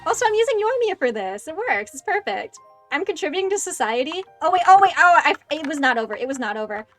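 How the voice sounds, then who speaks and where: A woman in her twenties chatting excitedly on a gaming livestream, making self-deprecating asides into a close desk microphone. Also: high voice, fast talker, soft background music. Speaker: streamer. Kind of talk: casual gaming livestream chat.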